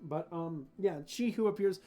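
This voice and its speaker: A man's voice: sits high, normal speed, over music. A man narrating as game master in a tabletop game. His narration is loose and casual, full of fillers and restarts.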